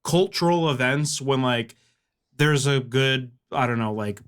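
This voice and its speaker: A man's voice: mid-range voice, a little slow, a bit bright, smooth. Joking man in casual chat.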